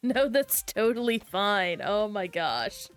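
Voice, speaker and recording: Woman, streamer, chatty and animated, mid-pitched, faint game music underneath. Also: slow, clear, resonant tone. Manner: chatty, animated, reacts aloud. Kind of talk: casual gameplay chat.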